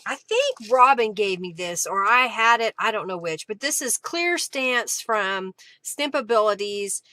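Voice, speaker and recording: Woman host, unhurried craft-demo chatter, greets chat by name. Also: mid-range voice, animated, sharp tone, no room sound. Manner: chatty, greets viewers by name, narrates each step.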